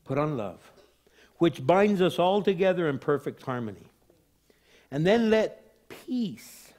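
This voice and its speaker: A man preaching a sermon in an animated way, acting out little voices and jokes for the congregation. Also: on the high side. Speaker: pastor.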